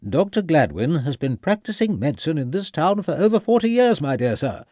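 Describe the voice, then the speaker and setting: A man's voice: fairly high pitch, very animated, a little fast, mellow, dry recording, voice pushed up. A man doing a curt, irritable schoolmaster. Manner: curt and impatient. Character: irritable, domineering Victorian schoolmaster.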